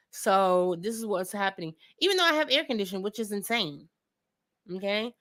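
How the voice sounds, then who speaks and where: A young woman hosting a casual painting tutorial at home, chatty and joking with viewers, often clearing her throat. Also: mid-range voice, expressive, brisk, fairly bright tone. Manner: chatty, joking asides, talks to viewers as friends; frequent laughs and throat clearing. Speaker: art tutorial host. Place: home studio with a fan running.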